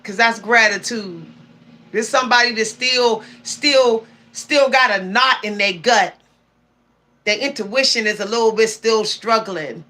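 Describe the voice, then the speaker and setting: A woman's voice: fairly high pitch, sharp tone. Emphatic woman preaching on a livestream. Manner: preachy, emphatic, repeats key phrases. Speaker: spiritual streamer. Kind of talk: spiritual livestream talk.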